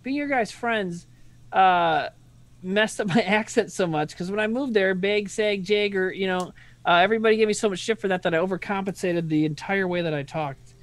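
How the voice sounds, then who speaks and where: High-voiced Midwestern man, rambling host. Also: normal speed, no room sound. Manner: rambling, profane, self-deprecating. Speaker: streaming show host. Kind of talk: casual chat.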